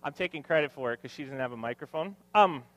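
In a church hall, a man in his thirties preaches to his congregation, weaving scripture together with humorous family anecdotes at his own expense. His pitch is a little high, his intonation lively, and he talks fast; the recording is dry.

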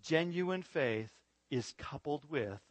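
A man preaching a sermon as pastor, animated, asking the congregation rhetorical questions. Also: on the high side, slow, no echo.

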